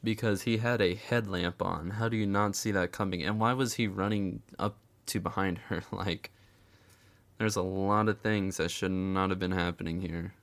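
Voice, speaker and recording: A man's voice: sits low, fairly even intonation, moderate pace, fairly bright tone. A man giving casual, profane recap commentary, sarcastic and chuckling often.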